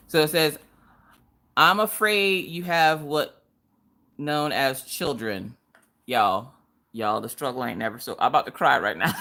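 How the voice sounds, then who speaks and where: A woman's voice: low-pitched, a bit bright. A woman, hosting a casual live craft stream, greeting viewers by name and laughing often.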